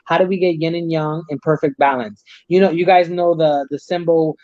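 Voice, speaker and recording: A man's voice: a little high, steady tone, a little fast, darkish tone, no echo. A man talking casually as a talk show guest, a Chinese medicine practitioner, who explains ideas at length with many restarts. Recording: dull dry audio.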